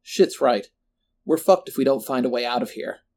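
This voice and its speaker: A man's voice: mid-range voice, animated, moderate pace, darkish tone, natural voice. A man voicing a frightened teenage girl who talks urgently and swears bluntly. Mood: urgent worried.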